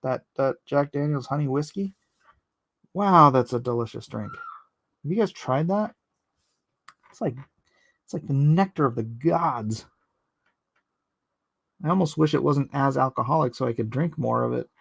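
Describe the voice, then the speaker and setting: Gravelly man rambling on a livestream. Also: medium pitch, lively intonation, normal speed, long pauses, no room sound. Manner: rambling and joking, answering chat. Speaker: artist streaming live while inking. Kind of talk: casual livestream chat.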